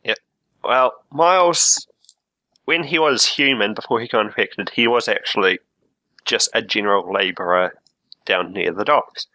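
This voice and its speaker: A man talking casually as a player in a tabletop game, relaxed as he explains his character's backstory at length. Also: on the low side, moderate pace, dry recording, rough recording.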